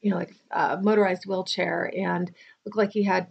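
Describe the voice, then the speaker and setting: Tired middle-aged lady rambling thru a story, gravelly voice, kinda muffled lo-fi sound. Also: on the low side, little pitch movement, normal speed. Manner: chatty, rambling, with restarts and asides. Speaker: vlogger. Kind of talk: casual personal storytelling to camera.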